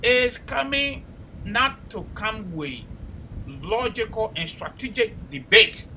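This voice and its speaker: Liberian man, call-in radio host, high bright voice, combative and repetitive. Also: sing-song, slow, slight background noise, low-quality recording. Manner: forceful, combative, repeats words when heated. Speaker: talk show host. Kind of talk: call-in talk show commentary.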